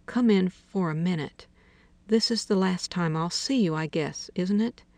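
A woman's voice: lowish voice, a little slow, darkish tone, no echo. A woman reading a timid, fretful young woman. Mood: hesitant.

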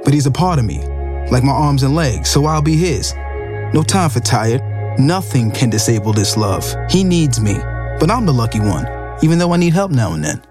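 A man's voice: mid-range voice, sing-song, normal speed, lightly acted. An actor playing a man who earnestly describes caring for his brother in a public service ad. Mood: heartfelt. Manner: heartfelt, earnest. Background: music.

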